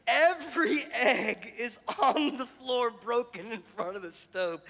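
High, bright-voiced middle-aged pastor. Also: male voice. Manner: chatty storytelling with many restarts. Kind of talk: sermon. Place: church auditorium. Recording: church hall reverb with music.

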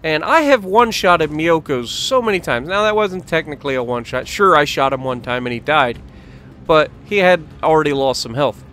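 A gaming channel host narrates his play casually and playfully, joking with viewers and now and then scolding the game, at a moderate pace with lively intonation. His voice is fairly high and bright, with soft game music underneath.

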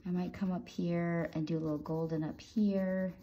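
A woman guiding viewers step by step through coloring a drawing, in a gentle instructing manner. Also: on the low side, fairly even intonation, normal speed, muffled recording. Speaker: art teacher. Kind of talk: drawing tutorial narration.

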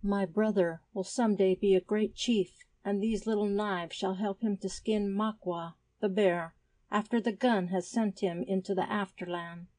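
A woman's voice: mid-range voice, steady tone, a little slow, warm tone, no room sound, natural voice. A woman voicing an earnest young native boy who speaks in solemn, formal storyteller phrases in an audiobook. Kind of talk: audiobook character reading.

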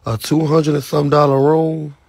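Dramatic gossipy man with a husky voice. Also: level tone, moderate pace, darkish tone, dry recording. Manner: dramatic, gossipy, sudden high shrieks and whispers. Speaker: livestreamer. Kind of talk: casual storytelling on a livestream. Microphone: phone.

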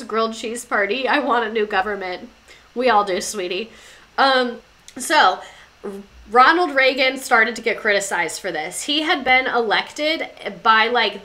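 A woman livestreams a casual history talk, her voice bright and edged, pitched a touch high. She is sarcastic, swears freely and laughs often as she reads and riffs. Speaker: streamer.

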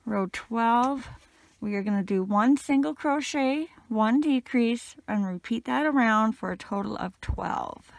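A woman teaching a crochet pattern, counting stitches out loud, her voice a little crackly today. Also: fairly high pitch, vocal fry, no room sound. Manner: slow, steady counting. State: slightly crackly voice. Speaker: crochet instructor.

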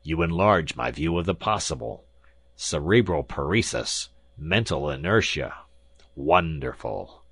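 A man's voice: low-pitched, animated, measured pace, gravelly, a bit bright, slightly rough, no echo, exaggerated voice. A man voicing an arrogant, bombastic older professor who lectures with scorn. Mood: scornful.

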